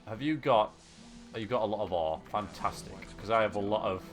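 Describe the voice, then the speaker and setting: A man's voice: fairly low pitch, brisk. A man streaming a video game, chatting casually and joking with his viewers. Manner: chatty, joking, laughs often. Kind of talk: casual live-stream commentary. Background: faint game music.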